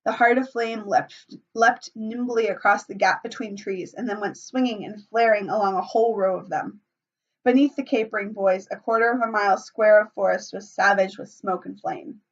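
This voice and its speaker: A woman teacher reading a novel aloud to her students, with measured, explanatory asides. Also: medium pitch, steady tone. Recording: muffled, from a distance.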